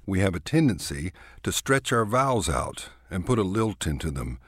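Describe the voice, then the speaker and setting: A deep-voiced man with a Texan accent delivers a scripted essay in a folksy, dryly humorous way. The sound is close and dead, with no room around it. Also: very animated, normal speed, few pauses, fairly bright tone, breathy edge, no echo. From Texas.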